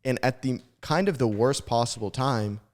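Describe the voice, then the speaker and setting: A man's voice: medium pitch, normal speed, darkish tone. A young man co-hosting a casual podcast, summing up and riffing on a friend's story. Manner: sums up and riffs on the story, jokes with the teller. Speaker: podcast co-host.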